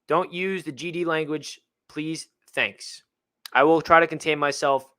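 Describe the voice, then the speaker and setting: A young man hosting a live fan reaction stream, reading out donations and venting about his team with swings between gloom and excitement. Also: a little high, a little slow, clear, resonant tone. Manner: emotional, reads out donor messages, swings between gloomy and fired-up. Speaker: livestream host.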